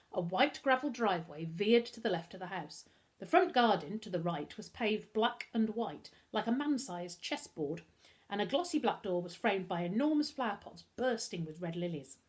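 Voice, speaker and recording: An English woman, a primary school teacher, reads a children's novel aloud chapter by chapter. Her storytelling is expressive and animated, with wide, lively swings in pitch. Her voice sits at an ordinary middle pitch for a woman. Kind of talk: reading a children's book aloud.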